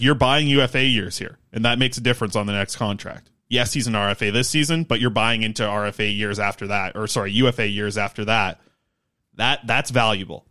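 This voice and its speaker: A man's voice: medium pitch, sharp tone. A man co-hosting a casual sports podcast, working through stats and contract numbers. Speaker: podcast co-host.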